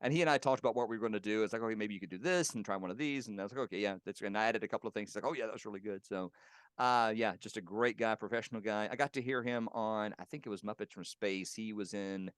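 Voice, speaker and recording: A man with a lowish, smooth and resonant voice tells warm, rambling anecdotes from his working life. The sound is dry and close, with no room around it. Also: fast talker, no echo. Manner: warm, reminiscing, laughs while telling anecdotes. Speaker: guest puppeteer. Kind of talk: casual interview storytelling. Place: home.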